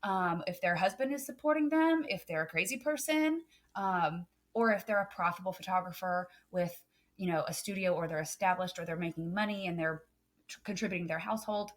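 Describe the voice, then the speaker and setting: A woman's voice: lowish voice, fairly quick. A woman photographer on a podcast, talking earnestly and emphatically with many "um" fillers. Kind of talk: casual podcast chat.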